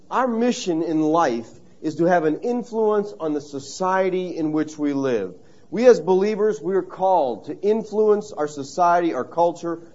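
A man's voice: fairly high pitch, a little mellow, lo-fi sound. A man preaching a sermon in a conversational, story-telling way, stressing key phrases by repeating them. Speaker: pastor.

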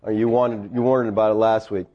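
A man's voice: lowish voice, little pitch movement, fairly quick, mellow, muffled recording. A man preaching a sermon as pastor, conversational, with teasing asides to his congregation in a church.

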